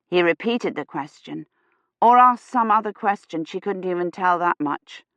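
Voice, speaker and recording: A woman reading a science fiction novel aloud in a measured, steady narration. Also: fairly low pitch, no room sound. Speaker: audiobook narrator. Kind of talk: scripted narration.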